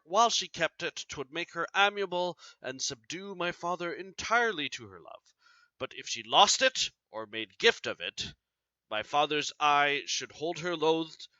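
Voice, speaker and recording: A man's voice: a little high, lively intonation, a little slow, bright, forceful tone, no echo, muffled recording. A man reading a jealous, furious Othello. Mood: solemn. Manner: demanding, interrogating.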